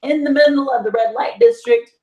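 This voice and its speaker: Woman, guest, animated storyteller, lively voice, echoey room. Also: high voice, fairly quick, lo-fi sound. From US South, Panhandle area. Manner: animated, laughing often. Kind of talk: casual storytelling chat.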